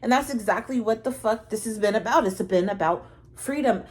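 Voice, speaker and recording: Woman, slightly high voice, chatty, rambling, slangy, swears a lot, casual tarot vlog. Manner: slows down reading card messages aloud. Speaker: tarot reader.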